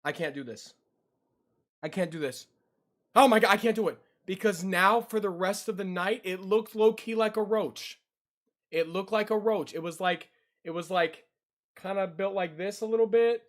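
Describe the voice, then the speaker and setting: A man's voice: high-pitched, moderate pace. A young man chatting casually to his livestream audience, repeating himself and easily spooked. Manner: talks straight to chat, repeats his lines, easily spooked. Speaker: streamer.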